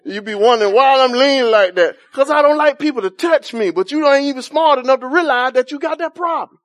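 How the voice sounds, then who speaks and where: High-voiced preacher, dry close sound. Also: male voice, a little fast, fairly bright tone, dry recording. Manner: call-and-response with congregation, laughing, questioning; folksy Southern Black church vernacular. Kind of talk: sermon.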